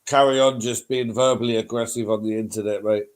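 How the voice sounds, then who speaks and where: Man, mid-pitched voice, mocking, sweary, laughing along on a stream. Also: fairly even intonation, a little fast. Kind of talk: casual chat.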